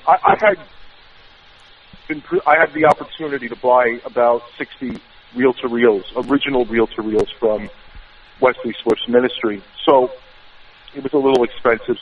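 Husky New York man on a phone line. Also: mid-range voice. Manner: hesitant, many filler sounds. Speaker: caller. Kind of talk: call-in radio chat. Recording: tinny distant phone line.

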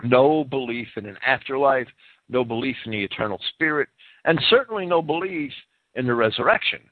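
A man's voice: mid-range voice, expressive, fairly quick, no room sound. A man speaking over a headset as a co-host. He is sneezing and coughing, and agrees eagerly with repeated restarts. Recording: dry tinny phone-like line.

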